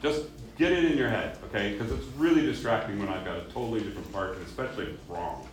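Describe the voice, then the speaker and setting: A man from Colorado leading a choir rehearsal, chatting quickly between run-throughs and giving instructions to the singers. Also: lowish voice, slight background noise. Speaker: choir director. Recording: echoey room with choir music.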